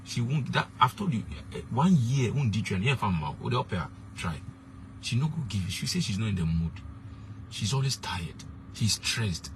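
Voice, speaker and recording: Man preaching on the street, talks straight, kinda low voice. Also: animated, moderate pace, a little hiss or hum. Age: young adult. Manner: blunt, emphatic, slips into pidgin. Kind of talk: blunt advice talk.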